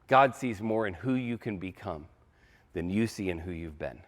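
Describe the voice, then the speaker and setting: A man's voice: low-pitched, lively intonation, moderate pace. A male pastor preaching a sermon in a conversational, emphatic style, repeating key phrases for effect.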